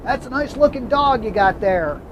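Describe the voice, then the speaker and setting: A man's voice: very high voice, animated, moderate pace, lo-fi sound, noisy background, pitched above the performer's own voice. A man voicing a tipsy, pushy middle-aged camper in an overbearing way.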